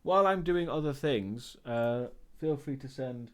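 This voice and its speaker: A man's voice: mid-range voice, measured pace. Hesitant, rambling male streamer. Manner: rambling and hesitant, with many ums and restarts. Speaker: live streamer. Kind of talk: casual chat answering viewer questions.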